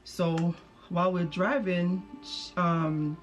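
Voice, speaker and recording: A woman's voice: fairly low pitch, slow pace, soft background music. Woman, casual storytime, chatty and slangy, acts out the quotes. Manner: chatty, slangy, animated retelling with quoted voices. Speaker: vlogger.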